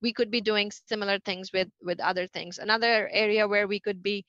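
A middle-aged woman speaks quickly in an interview, stumbling through fillers and restarts. Her voice sits at an ordinary pitch. The sound is dry and a bit dull, like a video call. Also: fairly even intonation, fairly bright tone, dry recording. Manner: fast, halting, many fillers and restarts. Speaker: NASA associate administrator, interview guest. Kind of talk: conversational interview answers.

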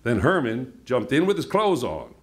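A man reading a novel aloud at a book event in an unhurried, plainspoken way. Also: mid-range voice, wildly swooping pitch. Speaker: reader.

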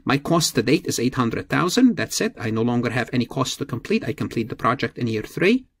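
A man's voice: medium pitch, sing-song, fairly quick, dry recording. A man teaching an accounting lecture, explaining each step and repeating key figures, with frequent small self-corrections. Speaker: accounting instructor. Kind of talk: recorded lecture.

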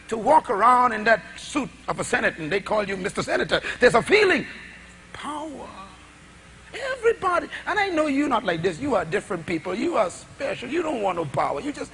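A middle-aged man preaching, his voice sitting very high and jumping all over, from shouted peaks down to near-whispered asides. He fires off rhetorical questions. The tone is bright and forceful, with a faint hiss of noise behind. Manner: dramatic, sweeping swings between shouting and hushed asides, rhetorical questions. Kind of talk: sermon.

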